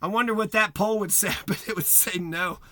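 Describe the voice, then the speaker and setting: A man's voice: sits high, fairly quick, sharp tone, no room sound. A man delivering a profane, agitated rant to camera, repeating himself and swearing heavily. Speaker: vlogger.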